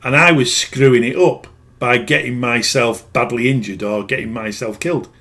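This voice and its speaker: A man's voice: mid-range voice, normal speed, sharp tone. Plain-spoken man telling a story. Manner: rambling, plain-spoken, self-correcting. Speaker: spiritual healer. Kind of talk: casual storytelling monologue.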